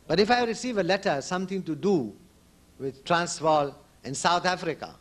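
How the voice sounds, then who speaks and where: A man speaks from the podium at a conference, his voice sitting a little high for a man. He is earnest and emphatic, returning to his key points again and again as he addresses the audience. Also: lively intonation, moderate pace. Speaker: organization leader addressing a conference. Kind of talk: conference speech. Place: conference hall.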